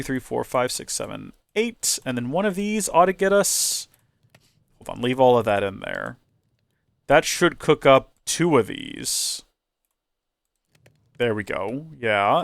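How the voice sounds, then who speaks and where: Young dude chatting over his game, rambly and playful, mid pitch voice, dry mic. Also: creaky, clean tone, no room sound. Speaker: host. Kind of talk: video game commentary.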